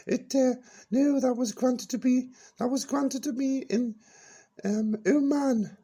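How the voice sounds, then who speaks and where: A man's voice: very high voice, steady tone, takes it slowly, warm tone, slightly rough, pitched above the performer's own voice, exaggerated voice. A man voicing a giddy, grand older woman on a comic radio show, giggling and swooping between "oh, yes" and "no, no". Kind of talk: comic radio character bit.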